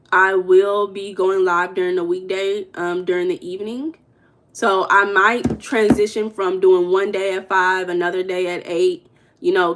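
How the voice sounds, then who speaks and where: A woman hosting a casual livestream, chatting straight to her viewers and repeating herself as she goes. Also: medium pitch. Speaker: livestream host.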